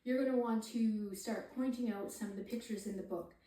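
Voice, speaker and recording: A woman parenting coach explains how to read with a baby, then slips into gasping, high, sing-song baby talk to demonstrate. Her voice is mellow and a little high, recorded from some distance in a roomy, echoing space. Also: brisk. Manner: gasps and swoops up high when modeling talk to the baby. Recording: echoey room, somewhat far from the mic.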